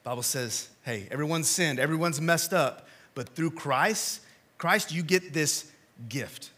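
A male pastor preaching a sermon in a church, telling stories with big swings from shouting to quiet appeals. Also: on the high side, unhurried.

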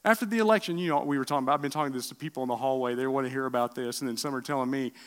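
A middle-aged man preaching a sermon, asking the room questions and swinging from loud bursts to hushed lines. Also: medium pitch, very fast, clear, resonant tone. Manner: animated preaching with rhetorical questions and sudden drops to quiet. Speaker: pastor.

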